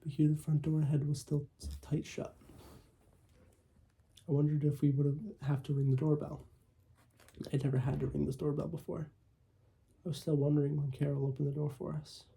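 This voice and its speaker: A man reading a first-person short story aloud in a measured way, with small slips. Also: fairly high pitch, flat delivery, vocal fry, warm tone, slightly rough. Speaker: audiobook reader.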